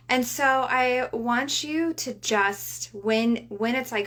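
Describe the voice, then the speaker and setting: A woman coach in a casual motivational talk, often asking "right?", who slows down to lead guided breathing. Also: fairly high pitch, fairly bright tone. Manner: chatty, tags sentences with "right?"; leads slow guided breathing. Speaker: reiki coach.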